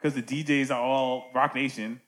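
Animated man hosting a music chat. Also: medium pitch, normal speed. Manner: animated, rhetorical "right?" asides.

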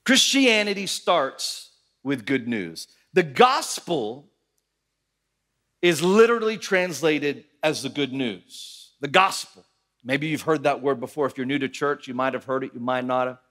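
A male pastor telling a story in a sermon, animated, acting out the voices of the people in it. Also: medium pitch, measured pace. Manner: animated, acts out voices in anecdotes.

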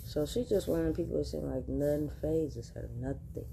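A woman's voice: sits low, brisk, creaky, dark tone, slight background noise. A woman hosting a podcast, telling a casual story straight to her listeners, chatty and laughing often. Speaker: podcast host.

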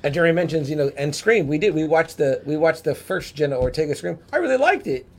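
A man's voice: on the high side, fast talker. A man hosting a podcast, chatting casually and telling stories with lots of filler words. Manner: animated storyteller, many filler likes. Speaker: podcast host. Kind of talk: casual chat.

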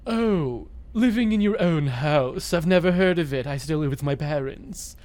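A snooty rich man with a put-on posh voice, his pitch swooping up and down as he marvels at everyday things. He is clueless and pompous, as a man does the voice for a laugh on a podcast. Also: animated, normal speed, darkish tone, natural voice.

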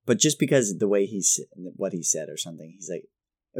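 A man in his thirties co-hosting a podcast, chatting casually and rambling, self-deprecating and quick to laugh. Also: sits low, expressive, a little mellow, no echo, clean studio sound. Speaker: podcast co-host. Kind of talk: casual chat.

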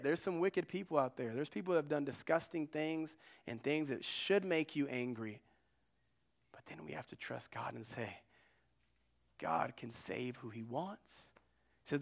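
A male pastor delivers a sermon in a fairly high voice. He preaches earnestly, pressing hard on key phrases and then dropping to hushed, quiet asides.

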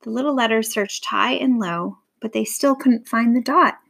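A woman reading a picture book aloud to a young child, gentle and warm, stopping to ask the child questions. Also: a little high, moderate pace, creaky, poor audio.

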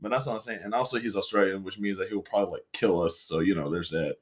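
A man's voice: low-pitched, steady tone, fast. A man co-hosting a podcast in casual chat, rambling with frequent laughs and restarts. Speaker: podcast co-host.

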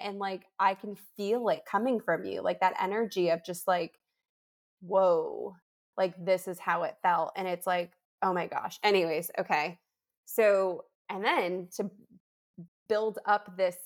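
A young woman hosting a podcast, talking in an effusive, emotional and rambling way. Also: on the low side. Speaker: podcast host. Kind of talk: casual chat.

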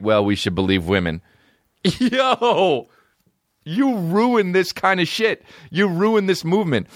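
A man's voice: fairly high pitch, no room sound, studio quality. A man hosting a podcast, talking in a profane, sarcastic, rambling comedic monologue. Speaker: podcast host.

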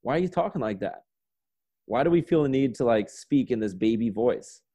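A man's voice: medium pitch, lively intonation, moderate pace, mellow. A young man in his twenties, a sketch comedian guest, telling stories in a loose, rambling way with lots of "like" and swearing. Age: 20s. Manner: laid-back, rambling, peppered with "like" and swearing. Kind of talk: casual storytelling chat.

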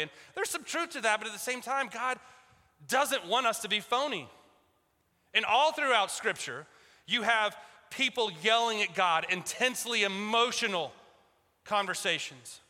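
A man's voice: high voice, lively intonation, moderate pace, sharp tone, big-room sound. A man preaching a conversational sermon as pastor of his church, often repeating words as he restarts. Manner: conversational, repeats words at restarts, acts out voices of biblical figures. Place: church sanctuary.

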